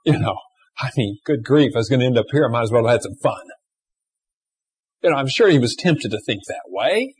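Husky-voiced male preacher. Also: medium pitch, brisk. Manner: animated, swings between loud emphasis and hushed asides. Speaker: pastor. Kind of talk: sermon.

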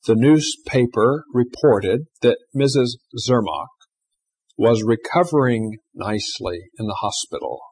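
Husky-voiced male preacher. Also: mid-range voice, unhurried. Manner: animated, swings between loud emphasis and hushed asides. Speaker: pastor. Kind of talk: sermon.

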